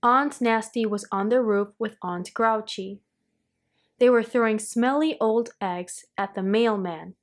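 Slow, higher-voiced woman reading a kids' story. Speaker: storybook reader. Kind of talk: children's story read-aloud.

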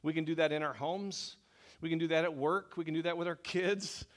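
A man's voice: fairly high pitch, steady tone, a little fast. A middle-aged man preaching as a pastor in a church, talking in a conversational, self-deprecating way that often restarts his sentences. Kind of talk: sermon. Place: church sanctuary.

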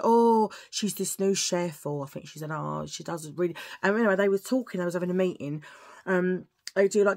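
Casting: chatty woman vlogger, a bit low-pitched, rambling and talking to herself. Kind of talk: casual chat to camera.

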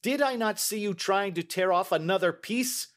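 A man's voice: high voice, moderate pace, a bit bright, pitched above the performer's own voice. A man voicing an enraged older male banker who bellows accusations at his son. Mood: furious.

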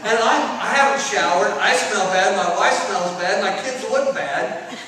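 A middle-aged man giving an animated storytelling talk at a conference, sometimes shouting out parts of his stories. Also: sits high, a little slow, crowd noise. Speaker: conference speaker. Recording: echoey hall from far off.

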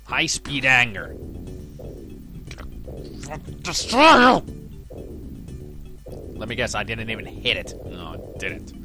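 A man doing a let's play commentary, grumbling and mumbling to himself and bursting into shouted curses. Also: fairly low pitch, moderate pace, few pauses, soft background music. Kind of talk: frustrated gameplay commentary.

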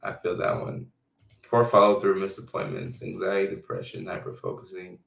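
A man hosting a casual live stream as a health care provider, reading viewer comments out loud in a loose, chatty way full of fillers. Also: low-pitched, level tone, normal speed, vocal fry. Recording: roomy sound from a distant mic.

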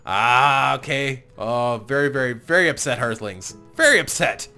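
A man's voice: medium pitch, lively intonation, normal speed, pushed and bright, soft background music. A man hosting a let's-play, chatty and self-mocking, often apologizing and laughing as he plays. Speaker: gaming channel host. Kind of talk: casual let's-play commentary.

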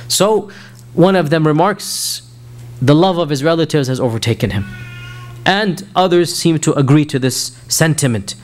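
An American man gives a recorded lecture in a slightly raised voice. He explains points earnestly and builds to emphatic rhetorical questions. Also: fairly high pitch. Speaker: Islamic lecturer.

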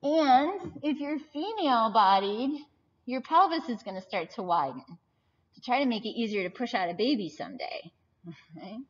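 A woman's voice: a little high, sing-song, normal speed. A woman in her forties giving a recorded anatomy lecture, chatty and often checking in with "right?". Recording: slightly dull, lo-fi audio.

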